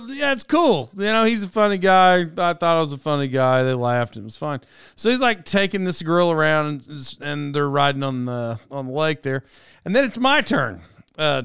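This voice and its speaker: A man's voice: on the high side, a bit bright, clean tone, no echo, clean studio sound. A middle-aged man telling a casual personal anecdote, rambling and self-mocking, with lots of fillers and chuckles. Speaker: storyteller.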